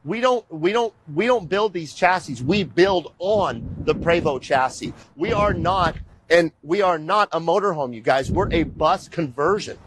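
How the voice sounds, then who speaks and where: A man's voice: sits high, slight background noise, rough recording. A middle-aged man hosting a show, talking casually and with energy to viewers as he walks them around. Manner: animated and rambling, often addressing viewers as "you guys". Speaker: show host. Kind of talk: casual walking-tour talk to viewers.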